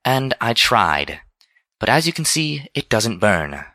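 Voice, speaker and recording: A prim, haughty unicorn lady from a storybook, measured and proud, her lines lifted above a deep voice with a forceful edge, as a male narrator puts her on. The recording is close and dry. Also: very animated, no echo, heavily acted. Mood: calm. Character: refined, prim unicorn mare, proud and dour.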